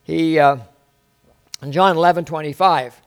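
A man delivering a sermon from the pulpit, his raised voice carrying a gravelly edge. He keeps breaking into exclamations and throwing rhetorical questions at the congregation, marveling aloud as he goes. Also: fairly high pitch, fairly even intonation, unhurried. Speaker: pastor.

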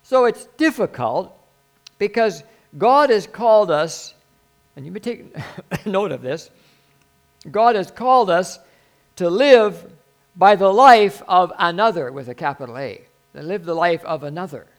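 High-voiced pastor preaching earnestly. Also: male voice, lively intonation, unhurried, pauses often. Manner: earnest, conversational preaching with sudden emphatic rises. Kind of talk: sermon.

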